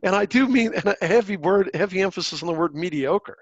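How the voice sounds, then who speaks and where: A man's voice: sits high, brisk, dry recording. Blunt man on a dull, dry line. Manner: blunt, swears casually, restarts often. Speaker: podcast co-host. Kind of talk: casual political chat.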